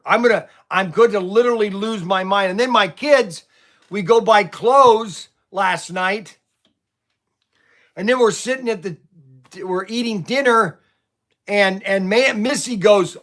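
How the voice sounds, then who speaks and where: A middle-aged toy shop owner from Ohio rambles through stories and frustrations on a livestream, stammering, venting and often restarting his sentences. His voice is high, a bit bright, and a little slow.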